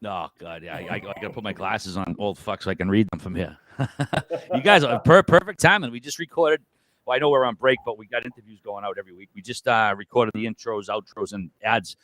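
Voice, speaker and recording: A man with a Boston accent, a podcast guest chatting casually, loud, joking and freely profane. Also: fairly low pitch, brisk. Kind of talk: casual interview chat.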